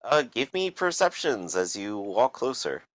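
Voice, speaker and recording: A man's voice: medium pitch, big pitch swings, measured pace, dry recording. A man running a tabletop game as game master, describing the scene with frequent "uh" fillers.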